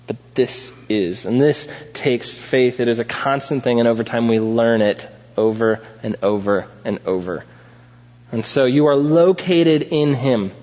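A man preaching a sermon, putting questions to the congregation and building to loud, emphatic peaks. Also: medium pitch. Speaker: pastor. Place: church sanctuary. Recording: dull sound in a reverberant hall.

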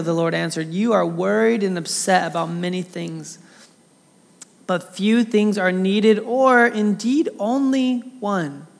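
A man's voice: high voice, vocal fry. A man preaching, reading scripture aloud with dramatic voices for the quotes and then commenting in a casual way. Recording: long reverb of a hall.

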